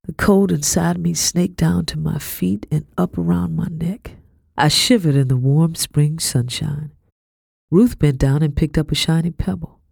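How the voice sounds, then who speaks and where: A woman reading a first-person storybook, earnest and quietly tense, sometimes dropping to a whisper. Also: low voice, moderate pace, creaky, breathy edge, no room sound, studio quality. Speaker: audiobook reader.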